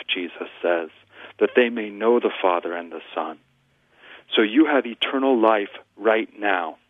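A man with a fairly low voice teaching as a guest pastor, earnest and measured as he quotes scripture. The sound is thin and dry, like a phone call into a radio studio. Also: dry recording. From United States. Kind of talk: radio sermon-style teaching. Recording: dry tinny phone line.

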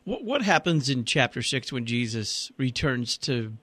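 Quiet host asking from off-mic. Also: male voice, mid-range voice, very animated, unhurried, no echo. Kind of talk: interview question.

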